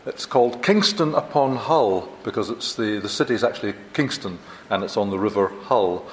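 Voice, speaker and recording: An older Scottish man gives a conference lecture in a roomy, echoing hall with a faint hum of ambience behind him. His voice sits a little low, and he talks in a chatty, self-deprecating way, often stumbling and restarting his sentences. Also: expressive, moderate pace. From Scotland. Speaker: visiting university lecturer. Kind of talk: conference keynote talk.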